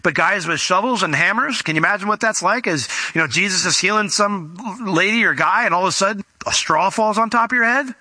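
Bright, animated male preacher. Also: high-pitched, brisk, few pauses, no echo. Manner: conversational, animated, acts out scenes. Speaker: pastor. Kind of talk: sermon with storytelling.

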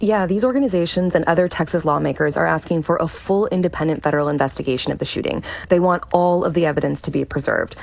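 Woman reporter, low voice with gravelly fry, measured factual radio news delivery.

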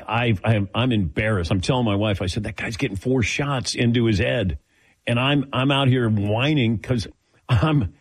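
A man hosting a talk show, telling stories in a casual, animated way and acting out the dialogue. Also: lowish voice, breathy edge, no echo. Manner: animated storyteller, acts out dialogue with laughs. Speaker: radio show host.

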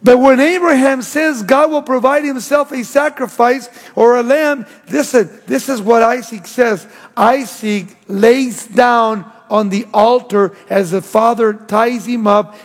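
High-voiced preaching man, husky, in a reverberant hall. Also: darkish tone. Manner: emphatic preaching with rising and falling delivery. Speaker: pastor. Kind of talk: sermon.

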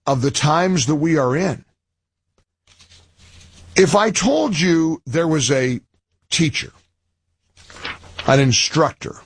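A man hosting an opinion commentary monologue, talking emphatically and indignantly and building his points through repeated phrases and pauses. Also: on the high side, husky, no room sound. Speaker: political commentary host.

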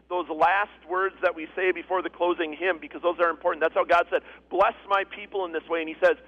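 A man's voice: sits high, fairly even intonation, brisk, few pauses, dull audio. A man preaching a sermon as pastor, earnest and repeating phrases for emphasis.

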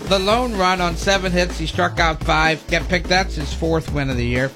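Brief: male sports radio host, higher voice, dry quips, music bed loud underneath. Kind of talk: sports news rundown with banter.

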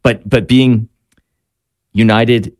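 A man's voice: mid-range voice, steady tone, very slow, dry recording, clean studio sound. A man who is a priest and radio guest, speaking reflectively and searching for words with frequent restarts. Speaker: priest and spiritual director guest. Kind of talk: radio talk show conversation.

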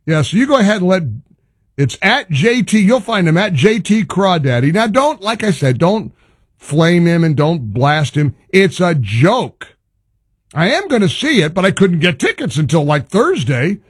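A man with a high, husky voice hosts a talk radio show. He rambles through an exasperated monologue and swings his pitch up and down a lot. The sound is close and dry. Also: no room sound.

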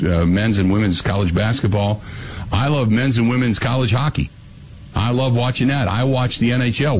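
A man's voice: on the low side, slight background noise, poor audio. A man hosting a call-in talk radio show, rambling bluntly with frequent restarts.

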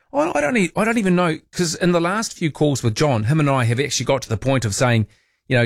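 A man's voice: medium pitch, expressive, moderate pace, no echo, studio quality. A man with a New Zealand accent hosting late-night talkback radio, chatting loosely and reading listener texts aloud. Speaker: talk radio host. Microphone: studio microphone.

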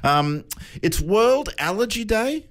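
A man hosts a radio show in easy, joking banter, laughing as he goes. His pitch rises and falls a lot as he talks, bouncing between topics. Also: sing-song, slow, fairly bright tone. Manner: chatty, laughing, jokey.

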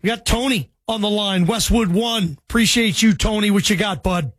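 A man's voice: sits high, moderate pace, fairly bright tone, dry recording. A man hosting a sports radio call-in show, thanking callers and chatting in a friendly way.

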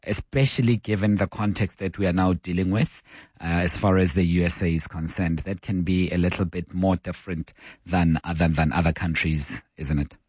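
A man's voice: sits low, steady tone, moderate pace, darkish tone, husky, dry recording. A man hosting a live radio talk show, speaking with many fillers and restarts.

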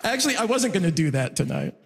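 A man performing a stand-up comedy set, animated and jumping into high excited yelps when he acts things out. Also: fast, creaky, a little hiss or hum. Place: comedy club stage. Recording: live show in a reverberant venue.

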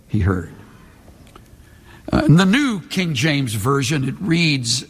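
A man preaching a sermon, reading scripture in a measured, dramatic way with slowed emphasis. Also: a little high, expressive, slightly rough, in a large hall.

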